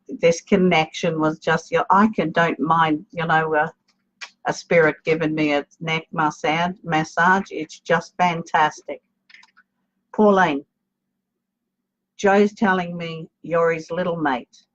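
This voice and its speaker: A woman working as a psychic medium in a live online reading, chatty and calling viewers darling and babe as she greets them by name. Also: low voice. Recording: lo-fi dull stream audio.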